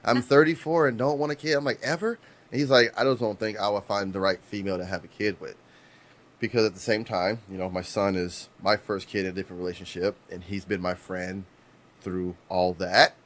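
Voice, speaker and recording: A man in his thirties co-hosts a podcast, telling rambling stories full of restarts and swearing freely. His voice sits low and fairly bright with a steady tone, and he speaks fairly quickly.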